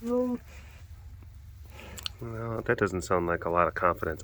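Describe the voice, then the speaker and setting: A man's voice: deep voice, huge pitch swings, measured pace, fairly bright tone, a little hiss or hum. Playful man cooing at big cats. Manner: playful, coos and baby-talks at the cats. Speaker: big cat facility keeper and show host. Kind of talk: casual chat to animals.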